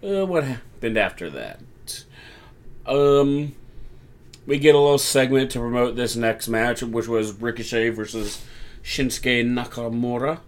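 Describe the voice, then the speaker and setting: A man's voice: medium pitch, animated, a little slow. Casual man recapping wrestling with mock quotes. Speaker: podcast co-host recapping wrestling. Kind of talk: casual chat.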